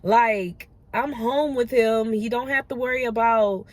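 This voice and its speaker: A woman, a mother telling a story casually to her phone camera, animated and exasperated. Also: fairly high pitch, a little slow, no room sound. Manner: animated, rising to exasperated disbelief. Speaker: vlogger, mother.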